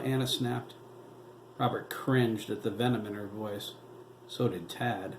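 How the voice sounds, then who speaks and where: A man, the author, reading his novel aloud as steady audiobook narration. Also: lowish voice, a little slow. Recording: roomy echo, faint noise.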